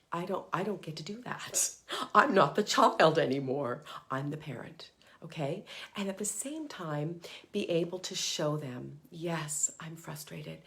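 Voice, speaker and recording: Earnest, emphatic middle-aged woman coach. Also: lowish voice. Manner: earnest, emphatic, drops to a whisper for mantras. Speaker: parenting coach and host. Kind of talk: live motivational talk to moms.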